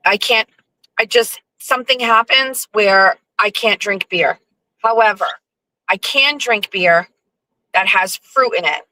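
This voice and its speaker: A woman hosting her show, telling stories in a chatty, animated way. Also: medium pitch, poor audio. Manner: chatty, animated, with lively acted-out quotes. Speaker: host. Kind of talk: casual storytelling monologue.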